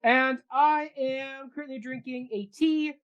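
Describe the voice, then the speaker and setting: A woman's voice: high-pitched, fairly even intonation, a little slow, clean tone, muffled recording. A woman hosting a casual arts talk show, introducing guests with enthusiasm. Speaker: host. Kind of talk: casual chat.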